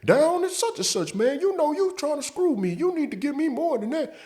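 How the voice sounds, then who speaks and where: A man voicing a big, pushy grown man who haggles and scolds in a high, whiny pleading voice. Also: very animated, brisk, mellow. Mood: insistent.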